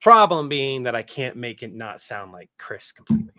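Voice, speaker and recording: A man's voice: mid-range voice, very animated, moderate pace, bright, forceful tone, dry recording. A man chatting casually on a livestream from his home setup, rambling candidly and swearing now and then. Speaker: streamer and voice actor.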